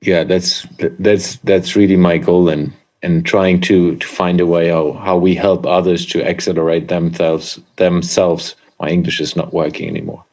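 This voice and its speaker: A man hosting a podcast, German his first language, asking questions in a friendly, halting way and repeating words. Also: low-pitched, flat delivery, darkish tone. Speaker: podcast host. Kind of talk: casual interview.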